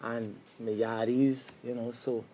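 Trinidadian man, dark mellow tone, rambling guest who checks in with "you understand?" after every point. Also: medium pitch, level tone, slow, a little hiss or hum. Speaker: guest soca artist. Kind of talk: casual interview chat. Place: TV studio.

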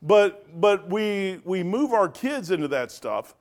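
A man teaching a Bible study in a rambling sermon style, animated, often laughing and digressing, with sudden loud bursts. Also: high voice, slow.

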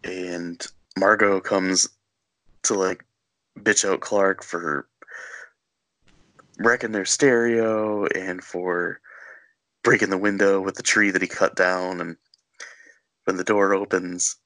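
A man's voice: low-pitched, little pitch movement, takes it slowly, pauses often, sharp tone, no echo. A man casually recapping a movie scene by scene in a rambling, filler-heavy way, laughing along as he goes.

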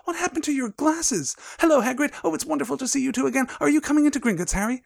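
A man voicing an excited schoolgirl in a book reading, talking high and quick. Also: gravelly, full character voice. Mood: eager. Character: eager bright schoolgirl.

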